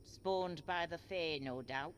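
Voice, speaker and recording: An actress playing a gruff old blind woman seer in a video game, blunt and wry. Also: low-pitched, takes it slowly, slight background noise. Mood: knowing. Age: older. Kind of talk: game voice acting.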